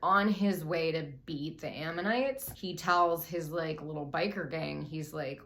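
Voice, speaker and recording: A woman's voice: deep voice, unhurried, few pauses, a bit bright. A woman hosting a comedy show, retelling a story casually and irreverently, full of swearing and filler words, a little out of breath. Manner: irreverent, profane, lots of "like" fillers. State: a bit out of breath, drinking wine. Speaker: comedy podcast host.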